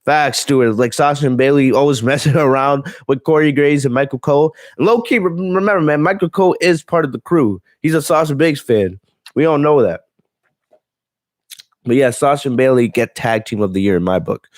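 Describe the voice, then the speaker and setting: A man's voice: medium pitch, moderate pace, no room sound, clean studio sound. A man hosting a casual live stream on wrestling, blunt and profane, ranting and reading viewer comments aloud. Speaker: wrestling show host.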